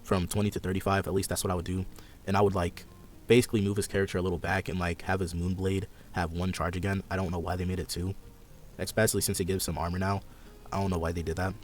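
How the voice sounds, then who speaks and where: A man's voice: deep voice, flat delivery, quick pace, faint music behind. A young man hosting a casual gaming chat, rambling and a bit sarcastic as he walks through his ideas. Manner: laid-back, rambling, sarcastic. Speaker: podcast host.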